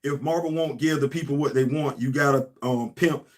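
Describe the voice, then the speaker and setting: A man's voice: medium pitch, steady tone, fairly quick. Emphatic man ranting about comics. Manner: emphatic, repetitive, preachy. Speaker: host. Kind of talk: casual commentary monologue.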